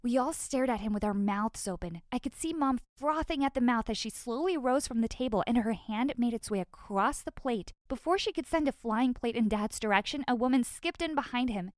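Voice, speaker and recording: A woman's voice: a little high, lively intonation, moderate pace, few pauses, no room sound. Woman narrating a story, dry close sound. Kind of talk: first-person scripted story narration.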